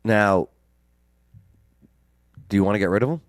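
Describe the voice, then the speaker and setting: A man's voice: lowish voice, moderate pace, no echo, studio quality. A man hosting a casual chat, joking and sarcastic. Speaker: host.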